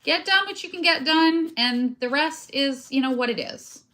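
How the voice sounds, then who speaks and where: A woman's voice: high voice, expressive, moderate pace, bright, forceful tone, slight background noise. A woman chatting casually to her viewers while she works on a craft project, joking about herself as she goes. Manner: chatty, self-deprecating, talks while working with hands. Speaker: crafting video host.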